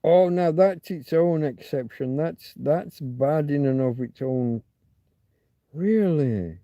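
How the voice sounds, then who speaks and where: A man's voice: a little high, lively intonation, takes it slowly, dark tone, no room sound. A man hosting a loose livestream, thinking aloud and muttering asides as he reads viewers' chat. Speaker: livestream host. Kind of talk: rambling live chat with viewers.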